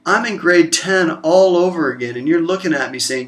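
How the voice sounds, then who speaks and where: Speaking at normal speed, a male vlogger addresses the camera in an emotional, confrontational rant. He curses freely and alternates between murmuring low and raising his voice.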